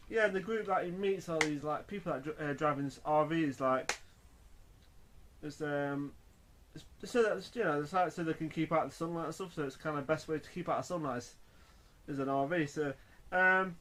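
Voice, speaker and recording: A man reviewing a film in a casual, rambling way, full of fillers and restarts. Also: fairly high pitch.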